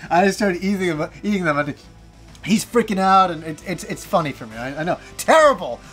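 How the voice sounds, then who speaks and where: High-voiced man telling a story, music behind. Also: a little fast. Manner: animated, swearing, self-mocking. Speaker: gaming channel host. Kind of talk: casual storytelling monologue.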